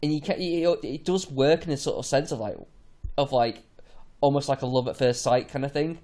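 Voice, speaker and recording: A man co-hosting a film podcast, hesitant, full of restarts, often trailing off quietly. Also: medium pitch, steady tone, moderate pace. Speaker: podcast co-host. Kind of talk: casual film review chat.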